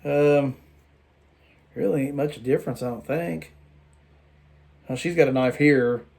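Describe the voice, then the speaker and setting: A tired man rambling through a casual toy review vlog late at night, halting and restarting his sentences. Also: medium pitch, vocal fry, a little mellow. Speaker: toy collector vlogger.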